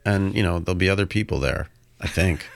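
Low gravelly man, wry and relaxed. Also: fast, background noise. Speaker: radio guest, prankster activist. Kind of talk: casual radio interview.

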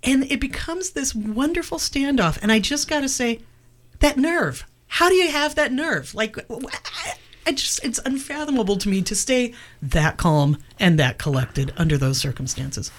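A woman's voice: on the high side, expressive, normal speed. A woman hosting a radio talk show, effusive and admiring in her questions, laughing often. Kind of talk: radio interview.

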